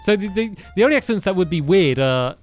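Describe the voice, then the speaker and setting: A man co-hosting a casual podcast, talking in a slightly high voice that swings widely in pitch. He hesitates and restarts often, laughing easily. Faint music plays in the background. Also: expressive, brisk. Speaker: podcast co-host. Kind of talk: casual chat.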